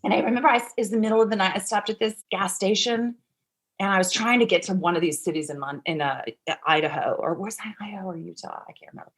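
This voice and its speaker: A woman's voice: medium pitch, fast. A woman speaking as a podcast guest, her voice sitting in an ordinary middle register. She tells a personal story candidly and at length, stopping and restarting her sentences and breaking into the voices of people she quotes. Now and then she swears casually. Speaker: guest, actor.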